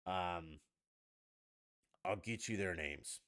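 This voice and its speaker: A man hosting a podcast livestream, ranting casually with lots of swearing and sudden loud outbursts. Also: low voice, extremely slow. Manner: profane, ranting, animated outbursts. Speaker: podcast host.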